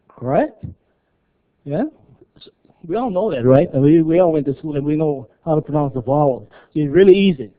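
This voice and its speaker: A man's voice: fairly high pitch, animated, normal speed. A man presenting at a live workshop, drilling pronunciation by repetition and checking in with the room after nearly every phrase. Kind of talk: live seminar teaching. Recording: tinny phone-like recording.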